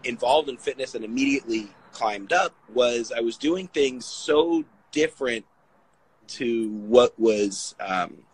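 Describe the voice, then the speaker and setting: A man's voice: mid-range voice, a little slow, breathy edge, poor audio. A man, a fitness coach, talking casually in an interview, rambling and acting out what other people said. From Italian heritage. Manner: rambling, animated storytelling with acted-out quotes. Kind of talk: conversational interview.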